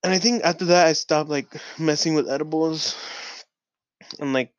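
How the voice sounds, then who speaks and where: A man's voice: a little high, normal speed, smooth, dry recording. A young man hosting his own podcast, telling a rambling casual story full of "like" fillers and swearing. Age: young adult. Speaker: podcast host. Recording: dull, lo-fi dry recording.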